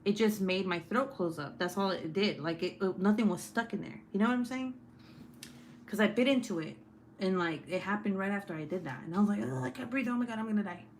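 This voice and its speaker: A woman in her thirties hosting a casual livestream from home while crafting. She tells stories in an animated way, swears freely and laughs often. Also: mid-range voice, fairly quick, a little hiss or hum. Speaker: livestream host.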